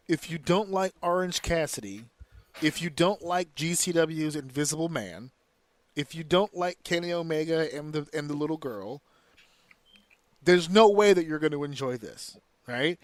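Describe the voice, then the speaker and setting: A man co-hosting a casual wrestling podcast, talking in an animated, profane and opinionated way. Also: fairly high pitch, a little slow, dry recording. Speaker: podcast co-host.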